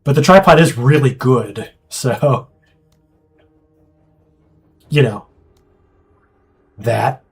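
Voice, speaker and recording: A man streaming a strategy game, chatting casually and thinking aloud with quick asides. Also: medium pitch, creaky, faint music behind. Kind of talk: casual gameplay chat.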